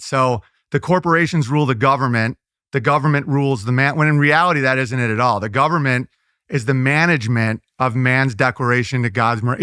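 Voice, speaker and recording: A man's voice: mid-range voice, pushed and bright, clean tone, dry recording, clean studio sound. A man who is a comedian guest, chatting casually in an interview, riffing loosely with frequent "like" fillers and restarts. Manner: loose riffing with quick impressions and asides.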